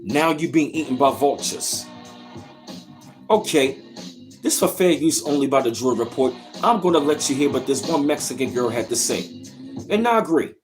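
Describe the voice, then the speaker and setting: A man's voice: medium pitch, expressive, normal speed, over music. A man hosting his channel, ranting in heated reaction commentary with profanity and repeated rhetorical questions. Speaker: channel host.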